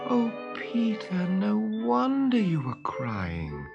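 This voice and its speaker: A man reading a storybook aloud and voicing a prim, well-spoken girl who is kind and motherly but quick to take offence. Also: high voice, huge pitch swings, dull audio, over music, pitched above the performer's own voice.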